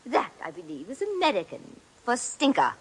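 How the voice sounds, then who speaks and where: A woman's voice: fairly high pitch, huge pitch swings, normal speed, husky, exaggerated voice. An actress playing a jealous, condescending English society lady in a 1940s radio drama. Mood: haughty. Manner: cutting and condescending.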